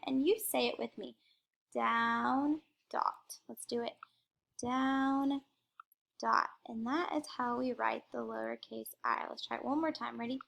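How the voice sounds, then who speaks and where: A young adult woman teacher slowly modeling letter sounds in a phonics lesson. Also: sits high, gravelly, fairly bright tone. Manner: slow, careful modeling of sounds.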